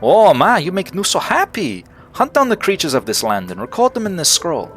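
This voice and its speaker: A man's voice: sits high, huge pitch swings, normal speed, fairly bright tone, voice pushed up, full character voice. An eager little bug woman from a video game, with clumsy grammar and a habit of naming herself, as a man puts her on. The voice sits well above a normal man's register and swoops around a lot. Faint music plays underneath. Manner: broken grammar, speaks of herself by name.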